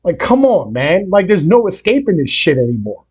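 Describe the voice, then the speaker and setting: A man's voice: sits high, sing-song, moderate pace, husky, rough recording. A man hosting a music reaction video, talking in a profane, rambling rant full of fillers. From Appalachia. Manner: profane, rambling, full of fillers like "you know what I mean"; grows heated and louder as he rants.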